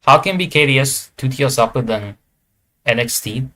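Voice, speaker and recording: A man's voice: mid-range voice, normal speed, fairly bright tone. Man, casual ranking commentary, hesitant, lots of fillers, self-corrections, mid-range voice. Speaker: esports tier list creator.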